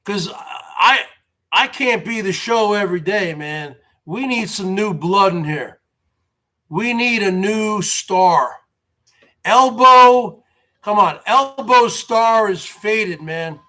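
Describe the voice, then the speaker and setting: A man's voice: sits high, lively intonation, takes it slowly, bright, forceful tone. A man in his forties, vlogging from home in a rambling, mocking rant, tacking "man" onto his lines. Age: 40s. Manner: repetitive, drawls "man" at line ends. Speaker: vlogger host.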